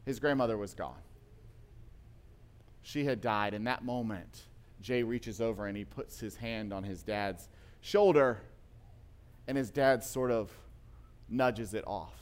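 A man's voice: lowish voice, a little slow, pauses often. A man giving a sermon, retelling a story at length and acting out the voices of the people in it. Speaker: preacher.

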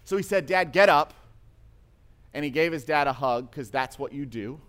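A man preaching through a retold story. He shifts his loudness a lot, rising for the quoted voices and dropping low and quiet for the tender moments. His voice sits at an average pitch for a man. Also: lively intonation, brisk. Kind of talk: sermon storytelling.

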